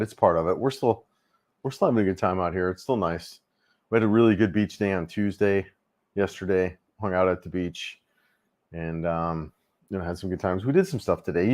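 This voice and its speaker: A middle-aged man hosting a casual travel livestream, rambling easily with lots of fillers and restarts. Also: deep voice.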